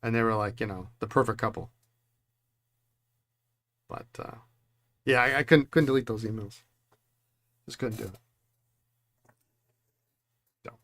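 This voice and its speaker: A man's voice: on the low side, moderate pace, pauses often, fairly bright tone. A middle-aged man hosting a pen repair stream, rambling through stories and chuckling often. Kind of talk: casual chat while working.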